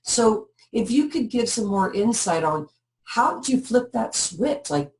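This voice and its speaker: A woman's voice: fairly high pitch, expressive, measured pace. A woman co-host musing aloud and asking the guest a long, thoughtful question. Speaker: podcast co-host. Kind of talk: interview questions. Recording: voice a bit distant from the mic.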